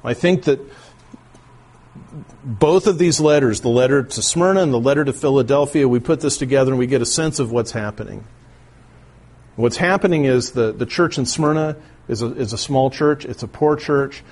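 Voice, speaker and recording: A man's voice: medium pitch, moderate pace, a little mellow. A male pastor giving an earnest, explanatory sermon, often restarting his phrases. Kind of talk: expository sermon.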